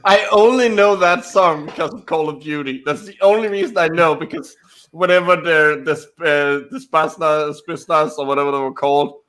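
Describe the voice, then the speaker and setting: A man with a Danish accent chats casually while playing a strategy game, pausing and restarting as he thinks things through. His voice sits a little high for a man. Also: fairly bright tone. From Denmark. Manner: thinking aloud, hesitant restarts. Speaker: co-host. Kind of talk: casual game-stream chat.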